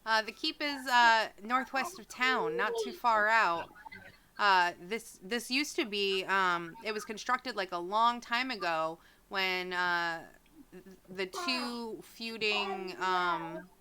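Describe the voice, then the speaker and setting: A woman running a tabletop game as game master, narrating slowly with many hesitations. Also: medium pitch, crowd noise. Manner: slow, hesitant, many fillers.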